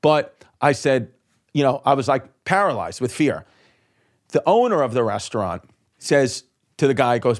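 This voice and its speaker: A man's voice: medium pitch, expressive. Profane New man telling a story. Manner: quick, profane, acts out quoted voices. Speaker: comedian guest. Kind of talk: animated storytelling.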